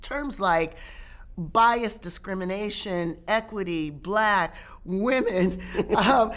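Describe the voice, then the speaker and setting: A middle-aged woman professor talks through her argument at an average pitch. She pauses often, repeating words as she restarts a thought, but keeps a steady, deliberate line. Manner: measured, with frequent restarts and pauses. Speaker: guest, professor and author. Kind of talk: interview answers.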